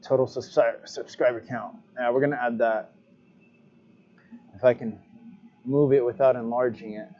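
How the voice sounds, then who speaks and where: A man's voice: medium pitch, fairly even intonation, normal speed, pauses often, darkish tone, muffled recording. A man chatting casually during his own live stream as a glassblower, thinking aloud while he adjusts his stream settings. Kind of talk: casual livestream chat.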